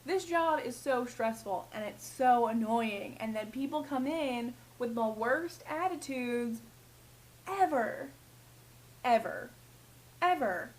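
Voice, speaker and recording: In a low-quality recording, a young retail worker speaks a little slowly in a slightly high voice, barely pausing. Her casual vlog is a sweary rant about customers, peppered with impressions of them.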